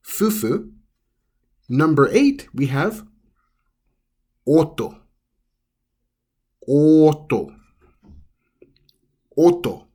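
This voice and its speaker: A channel host giving a slow pronunciation lesson, explaining step by step and repeating each word several times with care. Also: medium pitch, a little mellow. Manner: explains step by step in plain words. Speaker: language teacher.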